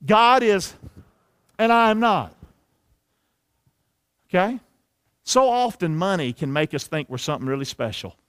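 Pastor guy preaching, pretty high voice, folksy slang, gets the crowd saying stuff back. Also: measured pace, pauses often, clean tone. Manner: energetic preaching, calls for the congregation to repeat lines; colloquial, drops into folksy slang. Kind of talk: sermon. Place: church sanctuary.

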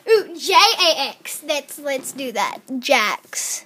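A hyper, excitable child commenting on a life-sim game in a teasing, playful way. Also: high voice, slow pace, few pauses, a little hiss or hum. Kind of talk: let's-play commentary.

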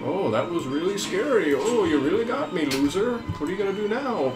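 A man doing let's play commentary on a horror game, crude and trash-talking, swinging from low mutters to panicked screaming. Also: expressive, brisk. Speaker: gameplay commentator. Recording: roomy sound with game music behind.

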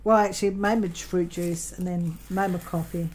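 An Australian woman chats at her craft desk at home, her voice sitting a little low. She rambles through a personal story, full of ums, restarts and corrections. A faint hiss hangs behind her. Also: fairly even intonation, normal speed, darkish tone, low-quality recording. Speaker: crafting vlogger. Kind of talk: casual chat while crafting.

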